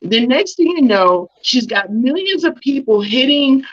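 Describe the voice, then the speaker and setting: A woman hosting a casual talk show, chatting and gossiping in a lively way. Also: high voice, measured pace. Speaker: host. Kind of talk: casual chat. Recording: dull lo-fi audio.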